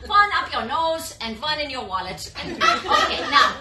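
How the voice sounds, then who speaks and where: Playful, teasing woman guiding a group visualization; high, animated voice in an echoey room. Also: slow pace, far from the mic, heavy background noise. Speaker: session leader.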